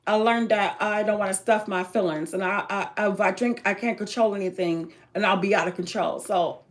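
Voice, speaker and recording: A woman's voice: medium pitch, brisk. A woman talking to viewers in a casual chat, telling a long personal story in emphatic run-on sentences.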